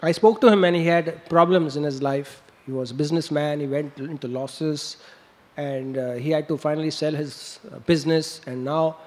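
A man's voice: on the high side, steady tone, moderate pace. A man preaching, telling a story with laughs and sound effects. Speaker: monk preacher. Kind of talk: storytelling sermon.

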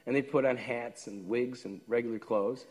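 A man in his sixties, a devotee telling how he joined, lively and acting out the voices of others. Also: medium pitch, normal speed, breathy edge. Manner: lively storyteller who acts out the other people's lines. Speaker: devotee sharing his story. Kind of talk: personal storytelling talk. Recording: long hall reverb.

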